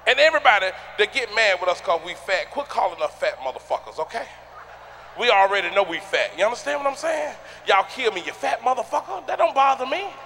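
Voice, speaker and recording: A man doing a stand-up comedy routine on a theater stage, loud and rowdy, shouting punchlines at the crowd. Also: high-pitched, very animated, fast talker, a little hiss or hum.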